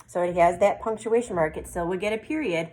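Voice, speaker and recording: A woman teaching a first grade class, reading example sentences slowly and clearly. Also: lowish voice, a little mellow, slight background noise, poor audio. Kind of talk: teaching a lesson to young children.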